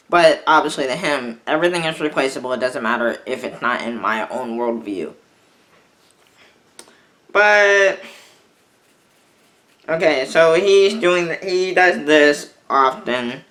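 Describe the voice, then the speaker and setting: A young man speaks to his camera in a slow, unhurried way, telling a personal story. His voice is bright and somewhat tense. He rambles and keeps breaking off to restart his sentences. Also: fairly high pitch, lively intonation. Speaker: vlogger.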